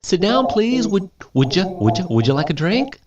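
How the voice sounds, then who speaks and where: A man putting on a high, cheerful woman's voice. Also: sing-song, moderate pace. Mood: cheerful, welcoming. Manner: high, bright, welcoming. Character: cheerful hospitable island woman. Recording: dull lo-fi audio, distant mic.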